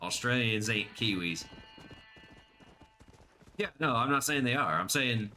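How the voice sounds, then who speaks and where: A man's voice: mid-range voice, expressive, a little slow, pauses often, pushed and bright, soft background music. A man streaming a video game, chatting casually and joking in rambling asides into his desk microphone. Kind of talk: casual live-stream commentary.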